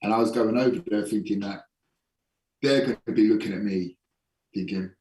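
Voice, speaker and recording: This podcast guest, a holistic performance coach with a low, warm voice, tells his story in a casual interview, frank and occasionally swearing, slowing to emphasize points. He's far from the mic, somewhat back from it in an echoey room.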